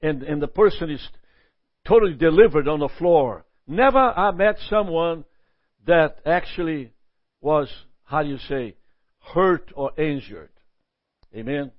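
A man teaching a Bible lesson in a lively sermon style, often asking "Amen?" and chuckling. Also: on the high side, a little slow, no room sound, dull audio.

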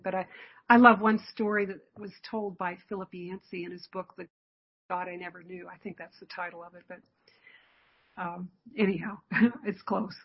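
A woman delivers a sermon in an earnest, reflective manner, her voice husky and breathy at a medium pitch. She pauses to gather her thoughts and laughs softly now and then. The recording sounds dull and lo-fi. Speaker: preacher.

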